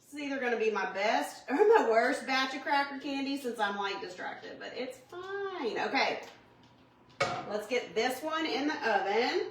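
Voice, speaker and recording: A woman's voice: high-pitched, animated, normal speed, reverberant, a little hiss or hum. A woman, chatting with viewers while baking in her home kitchen, flustered and talkative. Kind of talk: casual chatty cooking livestream.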